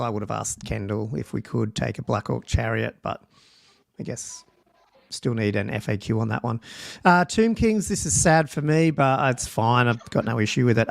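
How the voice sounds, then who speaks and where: Gravelly man chatting casually on a livestream. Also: mid-range voice, dry recording. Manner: thinks aloud while reading out rules, with fillers and restarts. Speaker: podcast host.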